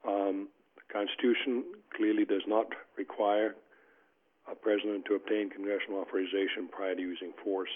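A man's voice: fairly low pitch, level tone, moderate pace. A man presenting a legal argument as a panelist, emphatic and peppered with uh and um fillers. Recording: tinny phone-like line.

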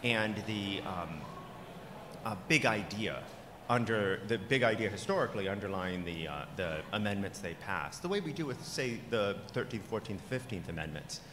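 A man in the audience of a conference hall poses a long, winding question, halting often with fillers. The hall gives his voice a long reverb. Steady background noise sits beneath him. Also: fairly low pitch. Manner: hesitant, many fillers, rising emphasis. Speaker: law professor asking an audience question. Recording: echoey hall with audible noise.

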